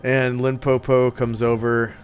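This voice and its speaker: A man narrating as game master of an online tabletop game, in a relaxed, meandering way with many ums. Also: mid-range voice, a little slow. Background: faint music.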